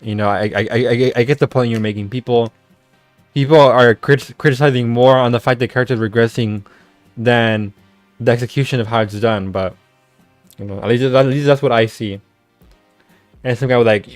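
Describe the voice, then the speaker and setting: A man's voice: medium pitch, steady tone, normal speed, dry recording, faint music behind. A man ranting in casual chat, rambling with many stammered restarts and casual swearing. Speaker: streamer. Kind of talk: casual rant.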